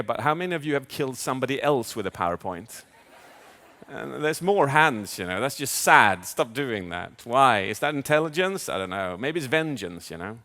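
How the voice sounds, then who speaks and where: A man speaking as a communication coach in a live keynote, animated, asking the audience questions and acting out inner voices. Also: mid-range voice. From Sweden. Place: large event hall. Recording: long hall reverb.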